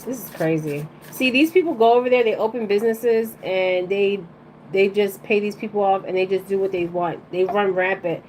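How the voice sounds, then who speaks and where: A woman's voice: medium pitch, normal speed, a little mellow, slight background noise, low-quality recording. A woman giving a live-streamed oracle card reading to her viewers. She rambles bluntly in casual slang and keeps checking in with "okay?".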